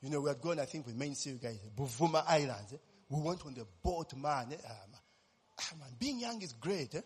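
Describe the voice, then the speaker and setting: A man's voice: a little high, animated, a little fast, breathy edge, in a large hall. A man, preaching a sermon as personal testimony, telling his story animatedly and constantly tossing in tag questions.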